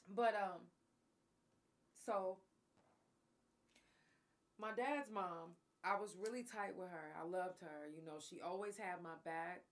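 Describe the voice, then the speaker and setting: A woman's voice: fairly low pitch, slow, pauses often. A woman hosting her own show, telling a family story in a candid, profane, emotional way. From Oklahoma. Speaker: podcast host. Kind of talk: personal storytelling monologue.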